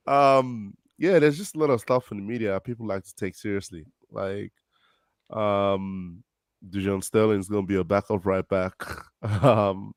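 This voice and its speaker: A man's voice: fairly low pitch, no echo, clean studio sound. A man on a casual football chat who is sick, talking in a laid-back way with frequent chuckles. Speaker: panelist.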